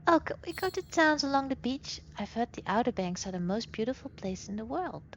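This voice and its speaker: A woman's voice: a little high, very animated, a little fast, slight background noise, voice pushed up. Woman doing an eager, wistful young woman. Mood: hopeful. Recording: dull lo-fi sound with game music.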